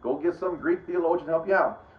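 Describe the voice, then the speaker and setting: A fast-talking middle-aged preacher with a fairly high voice rambles through an informal Bible teaching. He interrupts himself a lot, abandoning and restarting sentences. The sound is roomy, dull, and lo-fi.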